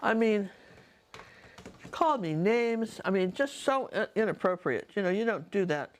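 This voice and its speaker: A woman's voice: medium pitch, lively intonation, moderate pace, a little hiss or hum. A middle-aged woman painting and telling stories from her life in a chatty, digressive way, talking straight to the viewer. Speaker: painter and storyteller. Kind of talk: casual storytelling while painting.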